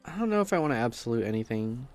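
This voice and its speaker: A man's voice: mid-range voice, very animated, rapid-fire, darkish tone, soft background music. A man streaming casually, tired, rambling and swearing while he talks about games and his code. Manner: rambling, swears, laughs a lot.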